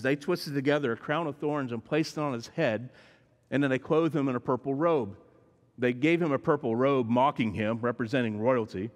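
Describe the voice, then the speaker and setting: Man preaching in a reverberant church. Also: mid-range voice. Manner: dramatic storytelling delivery, swings between hushed and emphatic. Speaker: pastor. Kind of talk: sermon. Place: church sanctuary. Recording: long reverb in a large church hall.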